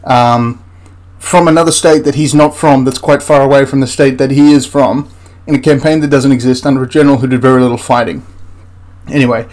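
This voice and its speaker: A man's voice: medium pitch, a little mellow. Exasperated rambling male history critic. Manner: exasperated, rambling with frequent restarts. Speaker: history channel host. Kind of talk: ranting film critique.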